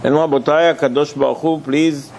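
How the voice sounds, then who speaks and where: A man giving a sermon as a rabbi, telling a story lively acted-out dialogue and rhetorical questions. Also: a little high, a little fast, vocal fry, slight background noise.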